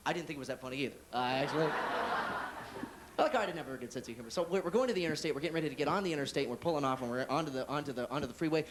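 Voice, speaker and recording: A male comedian doing stand-up in a comedy club, telling a story fast with restarts. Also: a little high, background noise. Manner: rapid, animated storytelling with restarts.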